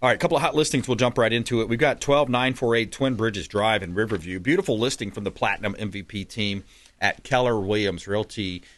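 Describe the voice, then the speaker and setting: A man hosting a radio talk show in a casual, animated and indignant way. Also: on the low side, fairly quick.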